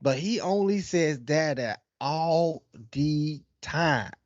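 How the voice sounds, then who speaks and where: A man's voice: fairly high pitch, expressive, slow, dry recording, lo-fi sound. A young adult man co-hosting a casual chat, telling slangy, laughing stories and mimicking his toddler. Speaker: podcast co-host.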